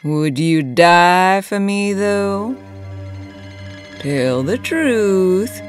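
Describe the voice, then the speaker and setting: A slow, purring cult leader lady. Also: medium pitch, animated, soft background music. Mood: sly. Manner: slow, purring, teasing drawl. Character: sultry, menacing woman cult leader. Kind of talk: audio drama acting.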